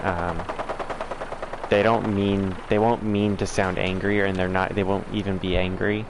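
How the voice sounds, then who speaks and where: Rambling streamer, lowish voice. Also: male voice, flat delivery, measured pace, background noise. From southern United States. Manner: rambling, frank, many fillers and restarts. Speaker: livestream host. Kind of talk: casual chat answering viewers.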